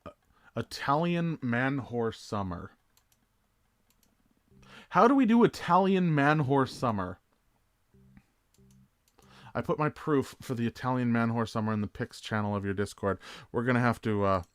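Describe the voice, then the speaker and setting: A man's voice: medium pitch, animated, unhurried, pauses often, no room sound. A Canadian man streaming a game, chatting in a jokey, rambling, self-deprecating way. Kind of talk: casual game-stream chat.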